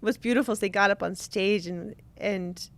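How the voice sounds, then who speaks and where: A woman's voice: medium pitch, moderate pace. A woman co-hosting a podcast in casual chat, speaking earnestly and encouragingly and laughing often. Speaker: podcast co-host.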